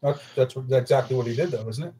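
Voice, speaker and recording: A man's voice: mid-range voice, racing, dark tone, slightly rough. A man playing in a tabletop game, casually chatting and asking careful questions about the rules. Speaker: player.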